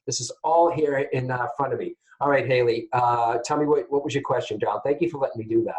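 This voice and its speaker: A man hosting a call-in psychic reading show, chatty and animated, often turning to address his listeners. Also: medium pitch, fast talker, low-quality recording. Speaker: psychic medium host.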